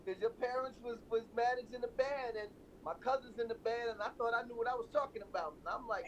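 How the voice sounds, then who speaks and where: A man, a guest record producer, telling stories in a relaxed, laid-back interview with easy laughter. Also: very high voice, fast, hardly any pauses, a little hiss or hum, poor audio.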